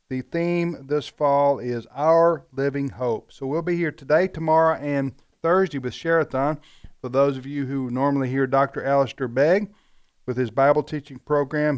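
A chatty male radio host with a fairly high pitch and clean tone talks casually during a radio fundraiser. He sounds relaxed, with frequent fillers and restarts.

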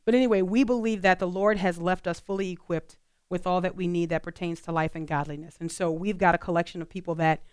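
A woman's voice: lowish voice, steady tone, quick pace, hardly any pauses, smooth, no room sound, studio quality. Earnest, chatty woman radio co-host. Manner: chatty, earnest, with many fillers and laughs. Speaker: radio talk show co-host. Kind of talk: casual talk radio chat.

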